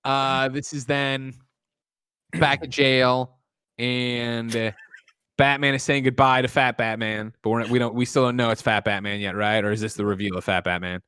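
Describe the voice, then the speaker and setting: A man casually recapping a movie plot, rambling and acting out the characters' lines in loud mock voices. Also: mid-range voice, fairly even intonation, normal speed, clear, resonant tone, no echo, clean studio sound. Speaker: podcast co-host.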